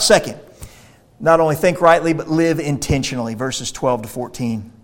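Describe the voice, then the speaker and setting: A man preaching a sermon, emphatic, swinging between quiet explanation and loud, forceful declarations. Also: on the high side.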